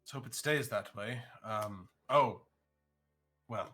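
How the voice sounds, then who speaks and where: A man's voice: fairly low pitch, slow, bright, forceful tone, faint music behind. A man playing his character in a tabletop game, hesitant and often laughing. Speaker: player.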